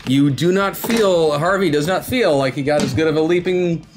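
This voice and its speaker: A man narrates a tabletop role-playing game as its game master. His delivery is relaxed and halting, full of small fillers. A clear music bed plays behind him. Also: fairly high pitch.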